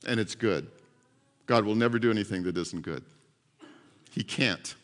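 A male pastor preaching a sermon, telling a story with animated repetition and dropping to a soft hush at times. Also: mid-range voice. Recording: long hall reverb.

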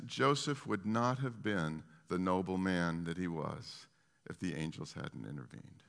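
A man preaching a sermon who tells his stories in an animated way, often stopping and restarting his sentences. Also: low voice, measured pace, creaky. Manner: animated storytelling with many restarts. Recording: long reverb of a large hall.

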